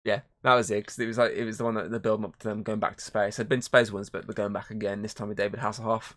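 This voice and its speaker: Fast-talking, swearing podcast co-host man. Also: fairly low pitch, little pitch movement, a bit bright. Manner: rambling, swears a lot, acts out scenes in voices. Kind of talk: casual chat.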